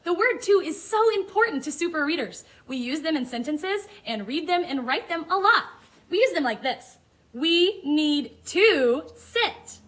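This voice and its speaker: A woman teaches phonics to kindergartners in a high, bright voice. She speaks slowly and swoops up and down in an exaggerated sing-song way to keep small children with her. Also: animated. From Hawaii. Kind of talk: phonics lesson for young children.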